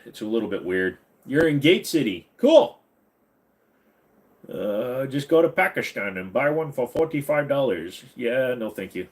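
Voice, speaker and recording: A man chats casually on a livestream from his home computer room, reading viewers' questions aloud and answering them. His voice sits at an average pitch, and he rambles, jokes and drifts between topics in a loose, offhand way. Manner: rambling, jokey, reads and answers chat questions. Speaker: livestream host answering chat.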